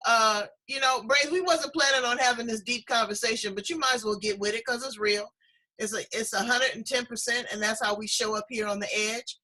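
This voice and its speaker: Husky bright-voiced woman hosting a chat. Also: fairly high pitch, steady tone, a little fast, rough recording. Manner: effusive, encouraging, emotional. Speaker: host. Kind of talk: casual chat.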